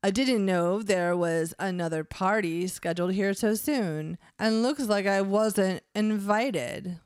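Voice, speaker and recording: A woman's voice: mid-range voice, a little mellow, smooth, no room sound, clean studio sound, close to an everyday voice. A woman voicing a flirtatious, sly male devil roommate, reading a fan script aloud. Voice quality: sly, teasing, drawn-out.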